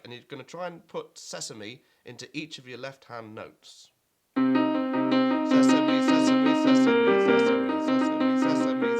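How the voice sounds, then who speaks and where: A man with a medium-pitched voice gives an online keyboard lesson, explaining things at an easy pace with fillers. Now and then he chants rhythm words over his playing.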